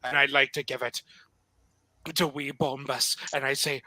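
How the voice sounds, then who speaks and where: A man's voice: mid-range voice, level tone, normal speed, sharp tone, no echo. A man narrating his character's actions as a player in a tabletop game, chuckling often. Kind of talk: casual play narration.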